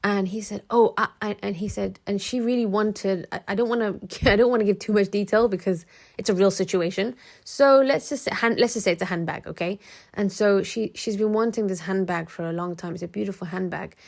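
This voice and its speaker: A woman's voice: medium pitch, brisk, gravelly. Chatty woman giving advice. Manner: chatty and digressive, talks straight to viewers. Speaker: motivational video creator. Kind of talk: casual advice monologue to camera.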